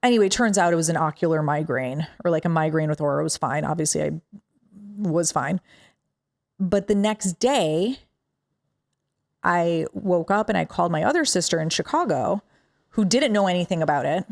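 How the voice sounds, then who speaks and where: A woman guest on a podcast, telling a personal story in an animated, conversational way with lots of quoted dialogue. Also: on the low side, normal speed, gravelly.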